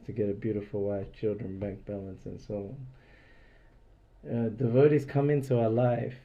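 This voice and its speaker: This man has a warm, mid-range voice, heard through lo-fi sound. He gives an informal devotional class indoors in a private house, telling rambling stories full of "like" fillers and acting out what people said.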